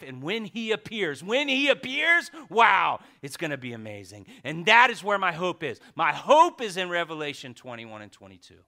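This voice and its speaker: A man preaching a sermon as pastor in a church, passionate and joking with the congregation, swinging from loud outbursts to hushed asides. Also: sits high, sing-song, moderate pace, creaky, few pauses. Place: church sanctuary.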